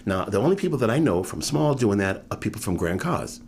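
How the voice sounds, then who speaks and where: Animated low-voiced man in his fifties. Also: fairly quick, creaky, noisy background. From New York. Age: 50s. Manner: animated, acts out quoted voices. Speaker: interviewee. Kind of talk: oral history storytelling.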